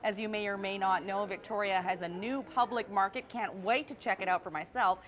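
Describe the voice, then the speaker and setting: A woman's voice: medium pitch, steady tone, brisk, fairly bright tone, slight background noise. A woman hosting a local lifestyle TV show on location, upbeat and chatty. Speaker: TV host.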